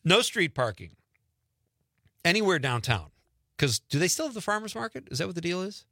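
A man hosting a casual radio show, telling stories in an animated way and often laughing. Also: high voice, normal speed, no echo, studio quality. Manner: animated storyteller, exclaims and laughs. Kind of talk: casual on-air chat.

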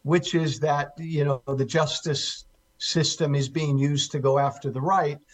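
A man's voice: fairly high pitch, steady tone, a little slow. A man speaking as a guest on a talk radio interview, emphatic and repeating key words to drive his point home. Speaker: guest commentator.

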